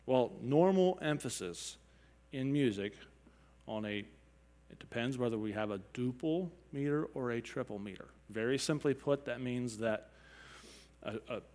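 A man teaching music, explaining beats and counting and humming examples aloud as he goes, now and then clearing his throat. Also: mid-range voice, a little mellow. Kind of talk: spoken lecture with sung examples. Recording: long reverb, hall-like.

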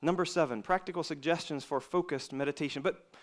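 A man preaching a sermon to young people in a fairly high voice. He is earnest, pushing some phrases out hard and dropping others to a near hush. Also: a little fast. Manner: earnest, swinging between loud emphasis and quiet asides.

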